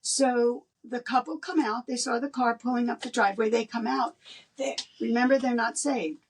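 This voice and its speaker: An older woman, a guest in an interview, telling a personal story in an animated way and laughing between lines. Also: fairly high pitch, normal speed, slightly rough, far from the mic.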